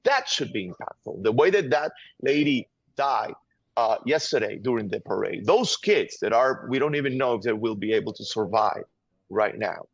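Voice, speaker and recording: A man from Venezuela speaks English with a Venezuelan Spanish accent, pressing his points with emphatic urgency and frequent repeated words. His voice sits at an ordinary pitch. The audio is slightly muffled and dry, with no room sound. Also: expressive, normal speed, husky, no echo. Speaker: guest, gun-violence activist. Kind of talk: impassioned interview answers.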